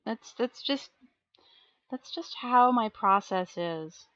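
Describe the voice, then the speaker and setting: A woman's voice: on the high side, expressive, slow, a bit bright, no echo, muffled recording. A woman live streaming as she paints miniatures, chatting casually and self-deprecatingly while answering her chat.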